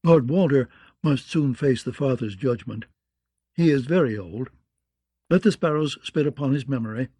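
A man's voice: medium pitch, moderate pace, warm tone, husky, no echo, natural voice. A man reading the lines of a cold, commanding queen in an audiobook. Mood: imperious. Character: proud imperious queen, woman.

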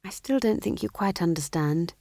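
A woman voicing a sour, weary young witch, often speaking hushed. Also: fairly low pitch, moderate pace, slightly rough, no room sound. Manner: hushed and tired.

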